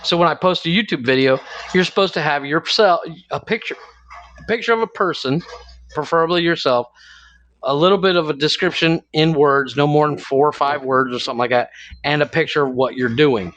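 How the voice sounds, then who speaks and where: A man co-hosting a podcast, chatting casually and telling animated stories with frequent laughs. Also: a little high, a little fast, highs cut off. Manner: laughs often, tells animated anecdotes. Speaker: podcast co-host. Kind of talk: casual chat.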